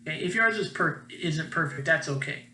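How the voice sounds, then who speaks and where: A man's voice: on the high side, moderate pace, bright, forceful tone, echoey room, slight background noise. A man teaching a children's music lesson in a friendly, upbeat way, chanting rhythm syllables.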